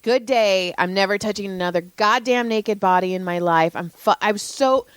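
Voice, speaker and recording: A woman's voice: medium pitch, moderate pace, smooth, no room sound. A young woman co-hosting a podcast, venting anecdotes in casual, profane chat. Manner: profane, animated storytelling. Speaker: podcast co-host, massage therapist.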